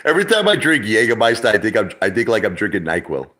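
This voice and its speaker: A middle-aged New man with a very deep voice talks off the cuff on a livestream. His pitch leaps around as he rambles, curses freely and circles back over his own words. He comes across as loose and chatty. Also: very animated, quick pace, pushed and bright. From Brooklyn, New York. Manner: rambling, profane, repeats himself. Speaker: livestream host. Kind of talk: casual livestream chat.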